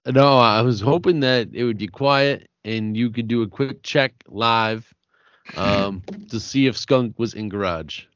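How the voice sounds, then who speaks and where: A man's voice: mid-range voice, unhurried, a bit bright, no room sound. A man on a podcast chatting casually and asking short, dry questions. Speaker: podcast co-host. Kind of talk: casual chat. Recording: dry, dull lo-fi recording.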